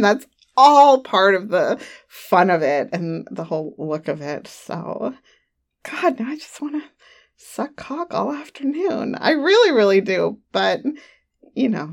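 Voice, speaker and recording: A woman giving a casual monthly update to her listeners, chatty and giggly, on a home microphone, with a slightly runny nose. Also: mid-range voice. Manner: chatty and giggly, trailing off with fillers. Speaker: adult audio creator. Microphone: studio microphone at home.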